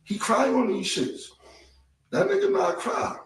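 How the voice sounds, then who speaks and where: Gravelly New man in his forties. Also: very high-pitched, big pitch swings, a little slow, background noise. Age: 40s. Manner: blunt, profane, repetitive. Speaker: interview guest. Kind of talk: casual storytelling. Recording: roomy echo, mic at a distance.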